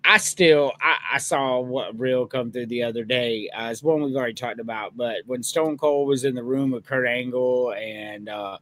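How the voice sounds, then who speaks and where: A man's voice: mid-range voice, normal speed, hardly any pauses, a bit bright. A man hosting a casual podcast chat over a video call, laid-back and trailing off with ums and uhs. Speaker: podcast host.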